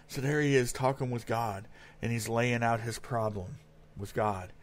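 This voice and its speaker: A man's voice: medium pitch, normal speed. Earnest man preaching a sermon. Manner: earnest, with frequent repeated words and restarts. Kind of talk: sermon reading scripture aloud.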